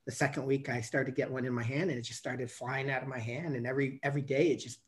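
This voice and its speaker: Speaking at a quick pace with medium pitch and fairly even intonation, this coach in his fifties is a guest on a podcast. His casual storytelling wanders, loose and packed with fillers and restarts.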